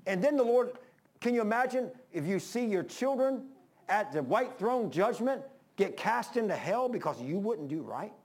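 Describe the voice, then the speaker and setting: An older man preaching a sermon to his congregation, impassioned, rising to urgent peaks and dropping low. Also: very animated, moderate pace, darkish tone. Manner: impassioned preaching, rises then drops low. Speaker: pastor.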